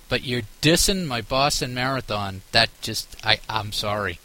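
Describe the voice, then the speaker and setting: Podcast host guy, bright voice, chatty and teasing, rambles a bit. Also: medium pitch, rough recording. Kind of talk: casual podcast chat.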